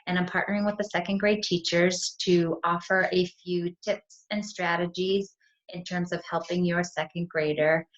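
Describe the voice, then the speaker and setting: A woman's voice: fairly low pitch, fairly even intonation, normal speed. A middle-aged woman, a school curriculum coordinator, talks parents through spelling strategies in a conversational way, often checking in with "right?". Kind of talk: friendly teaching walkthrough for parents. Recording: dull lo-fi computer audio.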